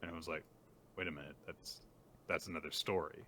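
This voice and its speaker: A man with a low, deep voice and a bright, forceful edge talks through comic chapters in casual podcast chat. He piles up "uh"s and "like"s as he retells scenes. He slips into quick voiced quotes for each character. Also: fairly even intonation, slight background noise. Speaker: podcast co-host.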